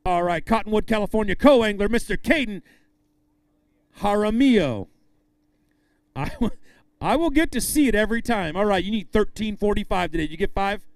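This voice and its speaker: A man emceeing a live fishing tournament weigh-in, upbeat, calling out names and weights with drawn-out emphasis. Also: high voice, expressive, no echo.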